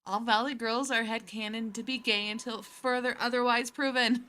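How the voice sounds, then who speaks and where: A woman's voice: on the high side, steady tone, moderate pace, bright, forceful tone. A woman streamer casually reading and chatting through a story game, laughing often. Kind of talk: casual let's-play commentary and reading.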